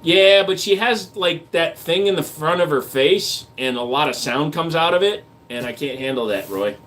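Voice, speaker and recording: A man's voice: on the high side, lively intonation, moderate pace, a bit bright, a little hiss or hum. Man joking crudely on a livestream. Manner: crude joking banter, reads comments aloud. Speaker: livestream host reading chat. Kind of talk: casual livestream chat.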